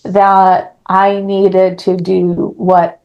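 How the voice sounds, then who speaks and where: Middle-aged woman guest on a podcast, frank and lively, voices each line of her story as she tells it. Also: mid-range voice, very slow, highs cut off. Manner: animated, acts out dialogue, frank and blunt. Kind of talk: personal storytelling in an interview.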